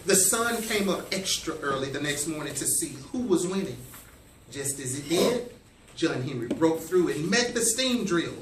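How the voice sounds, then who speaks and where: A man teacher reading a storybook aloud to his class in an animated, playful way, stopping to quiz his listeners. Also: a little high, normal speed. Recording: echoey classroom from far off, with noise.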